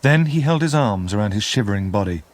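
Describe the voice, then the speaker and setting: A man's voice: fairly low pitch, fast. A man narrating an audiobook expressively. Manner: expressive, lively. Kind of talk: scripted narration.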